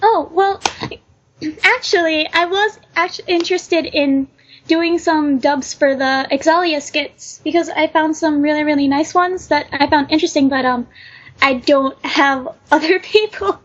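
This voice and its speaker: A woman's voice: high-pitched, measured pace. A teenage girl being interviewed as an aspiring voice actor, hesitant and filling gaps with lots of ums. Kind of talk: casual podcast interview. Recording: dull lo-fi recording.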